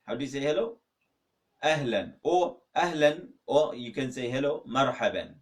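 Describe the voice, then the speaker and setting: A man teaching an online Arabic lesson from a mosque, slowly repeating words and asking viewers to write in the comments. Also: medium pitch, expressive. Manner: slow, repetitive drilling, asks for comments.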